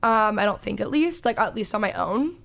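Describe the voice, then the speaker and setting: A woman in her twenties from Texas with a Valley Girl accent, a podcast host chatting casually, loud and talkative, saying "like" a lot. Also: mid-range voice, expressive, fairly quick, gravelly. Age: 20s. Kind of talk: casual chat.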